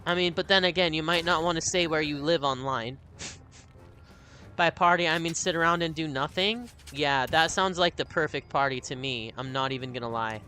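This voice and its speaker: A man chatting and joking through live gameplay commentary, quick to laugh at his own losses. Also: a little high, bright, forceful tone, soft background music. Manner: chatty, joking, self-deprecating. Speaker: streamer.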